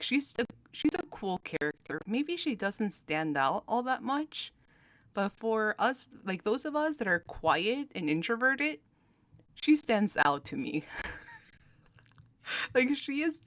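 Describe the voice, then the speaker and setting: Her voice is slightly high with a fairly bright tone, recorded with no room sound. A young channel host, she giggles often and stumbles through fillers and restarts as she casually ranks game cards.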